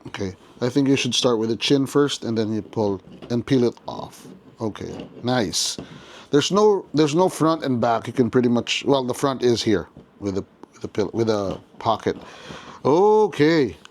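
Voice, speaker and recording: A man talking through a toy unboxing in a loose, chatty way, with a voice of middling pitch. He is excited about small details, stops often to restart a thought, and talks straight to his viewers. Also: moderate pace. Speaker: toy reviewer. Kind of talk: casual unboxing commentary.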